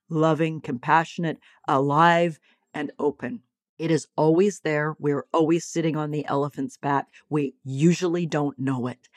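Expressive woman giving a dry, close talk. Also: sits low, no echo. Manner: warm and expressive, calls listeners sweethearts and darlings. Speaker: psychologist and teacher. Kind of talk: motivational talk on acceptance.

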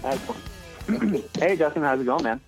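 A man guesting on a podcast, talking in a relaxed, rambling way with casual swearing. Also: fairly high pitch, unhurried, music in the background. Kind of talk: casual interview chat. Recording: tinny phone-like line.

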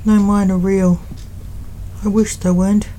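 An anxious teenage goth boy necromancer pleads his case in a slow, dark, mellow voice, as a woman narrator reads his lines. His delivery stays plain and storybook-like, with little change from her own voice. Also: mid-range voice, level tone, lightly acted, low-quality recording.

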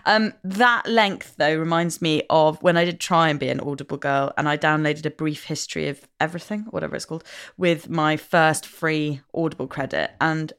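Lower-pitched female co-host, wry and lively, part chat, part prepared notes. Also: normal speed, clean tone. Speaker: podcast co-host. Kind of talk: casual book chat.

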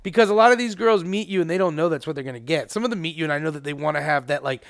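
A man co-hosts a loose podcast conversation, cursing easily and tripping over his own restarts when he asks something. His voice runs high for a man and carries a gravelly fry. The sound is dry and close. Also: very fast, dry recording. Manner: profane, stammering restarts when asking questions. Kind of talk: casual chat.

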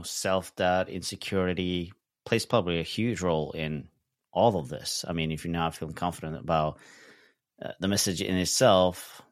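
A man's voice: sits low, no echo, studio quality. A man hosting a podcast, asking questions hesitantly with plenty of fillers. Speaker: podcast host. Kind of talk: casual podcast interview.

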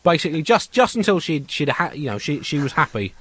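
A man's voice: on the high side, very animated, fast, fairly bright tone, slightly rough. A man co-hosting a satirical comedy podcast, riffing absurdly and rambling through restarts. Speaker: co-host.

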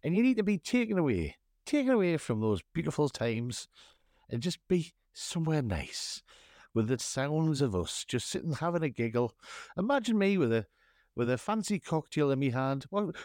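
A man co-hosting a podcast with a fairly high, very animated voice. He talks with mock-grand, theatrical flourishes in a dry, close recording. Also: moderate pace, dry recording. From North East England. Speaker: podcast co-host. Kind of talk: casual chat.

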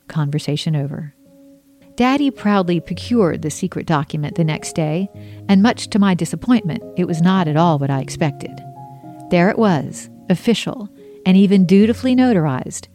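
A woman narrating her own memoir in an expressive storytelling voice. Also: lowish voice, normal speed, faint music behind. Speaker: memoir author reading her book.

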